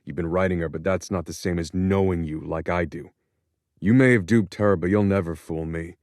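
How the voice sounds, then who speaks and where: A man's voice: sits low, steady tone, normal speed, a little mellow, no room sound, studio quality. A man voicing an angry young adult son, clipped and confrontational in an audiobook. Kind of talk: audiobook character voice.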